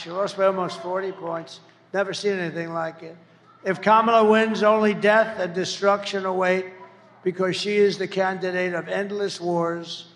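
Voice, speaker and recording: A man in his seventies giving a rambling, boastful campaign rally speech, repeating himself and breaking into shouts. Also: high voice, big-room sound, background noise. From United States. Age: 70s. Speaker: political candidate.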